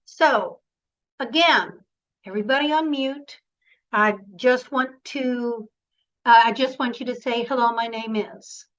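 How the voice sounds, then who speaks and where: A woman's voice: on the high side, a little slow, a bit bright, dull audio. A woman coaching presenters in an online workshop, encouraging and directive, speaking over a video call.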